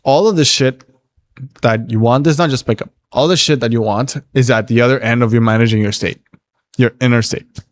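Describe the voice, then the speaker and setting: A man's voice: mid-range voice, fairly quick, dry recording. A man coaching on dating during a casual livestream Q&A, reading viewer questions aloud and answering in a blunt, profane, laid-back way.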